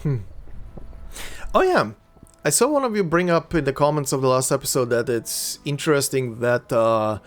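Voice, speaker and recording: A man's voice: medium pitch, animated, normal speed. A man hosting a let's play, reading game text aloud and musing casually between lines.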